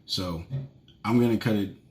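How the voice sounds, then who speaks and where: A man in his thirties talks through marriage advice as a solo podcast host. His voice sits low, and he rambles in an easygoing, conversational way. He fills pauses with plenty of ums and uhs. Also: a little mellow. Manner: rambling, conversational, many fillers.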